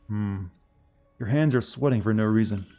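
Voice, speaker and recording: A man's voice: lowish voice, moderate pace, mellow, soft background music. A man streaming a video game, chatting casually and joking with his chat as he plays. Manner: rambling, joking asides to chat. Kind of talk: casual gameplay commentary.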